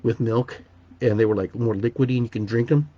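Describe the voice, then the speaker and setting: A man's voice: medium pitch, steady tone, brisk, mellow, dull audio. Man rambling through a personal story. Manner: rambling, repeats words and restarts sentences. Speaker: podcast host.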